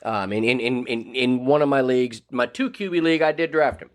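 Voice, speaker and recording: A man co-hosting a relaxed fantasy football podcast, mid-pitched and unpolished. He rambles through his points with plenty of repeated words and false starts. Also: a little fast. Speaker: podcast co-host. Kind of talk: casual fantasy football chat.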